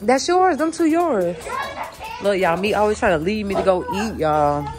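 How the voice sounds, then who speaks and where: A woman talks straight to her viewers, excited and chatty while she shivers in the cold. She is outdoors in falling snow and filming on a handheld phone. Faint music plays underneath. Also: medium pitch, normal speed. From Georgia, USA. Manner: excited, chatty, keeps addressing viewers as y'all. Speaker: family vlogger. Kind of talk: casual chat to camera.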